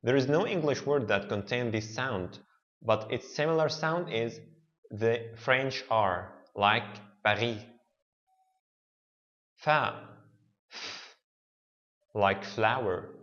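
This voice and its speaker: A man who speaks Arabic natively, teaching an alphabet lesson in English and sounding out each letter slowly and deliberately. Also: mid-range voice, fairly bright tone, muffled recording. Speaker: language teacher.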